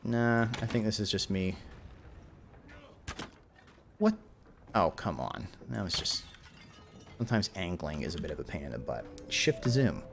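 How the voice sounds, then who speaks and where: Lively low-voiced man streaming a game. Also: a little slow, gravelly, pauses often. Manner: casual, rambling, joking asides to chat. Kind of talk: live gameplay commentary.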